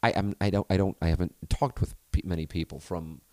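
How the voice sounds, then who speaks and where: A middle-aged American man with a low, deep voice holds forth alone on his podcast. He rambles candidly, restarts his sentences and swears now and then. The sound is dry and close, with no room around it. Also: fairly even intonation, brisk, darkish tone, no room sound. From United States. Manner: rambling, candid, self-correcting, profane. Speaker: podcast host. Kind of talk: solo casual monologue.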